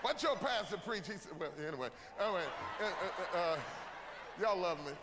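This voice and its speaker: A man preaching a sermon to his church, joking with the congregation and rising into shouts. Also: sits high, lively intonation, fairly quick. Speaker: pastor. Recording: echoey church hall with loud room noise.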